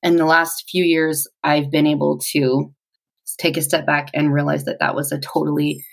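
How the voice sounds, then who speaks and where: A woman in her forties telling her personal story in an interview, reflective and halting, with pauses. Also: sits low, level tone, creaky, low-quality recording.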